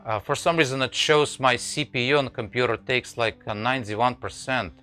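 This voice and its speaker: A man's voice: mid-range voice, brisk, bright, forceful tone, faint music behind, rough recording. A man hosting a live woodcarving stream, chatting to viewers with many fillers and restarts. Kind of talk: casual live-stream chat.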